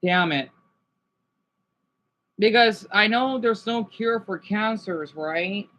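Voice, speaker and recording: A man on a casual livestream, talking to his chat in a halting, rambling, sympathetic way with many restarts. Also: high-pitched, pushed and bright, low-quality recording. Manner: sympathetic and emotional.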